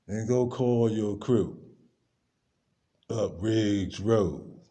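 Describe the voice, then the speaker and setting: A man's voice: fairly low pitch, takes it slowly, long pauses, mellow. Man ranting loosely in slang. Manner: loose, slangy, talks back to himself. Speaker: vlogger. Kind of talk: rambling casual rant to camera.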